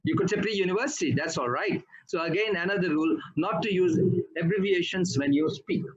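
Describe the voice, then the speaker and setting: Guy, high voice, teachy grammar notes, kinda muffled lo-fi sound. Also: sing-song, fairly quick, gravelly. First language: not English. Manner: instructive, corrects usage and pronunciation word by word. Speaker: Toastmasters grammarian. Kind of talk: club meeting feedback report.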